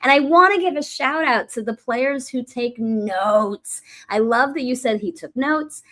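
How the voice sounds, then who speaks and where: A woman's voice: a little high, unhurried, pushed and bright. A woman who mentions her acting teacher, a guest on a livestream, talking in an enthusiastic and gushing way. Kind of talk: casual chat.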